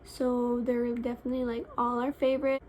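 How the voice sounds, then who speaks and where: A young woman with a notably high voice gushes in casual chat as she does a friend's makeup. She opens line after line with "honestly", over a faint bed of room noise. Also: completely flat delivery, fairly quick, a little mellow. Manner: keeps starting sentences with "honestly", gushing. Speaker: vlogger doing a friend's makeup.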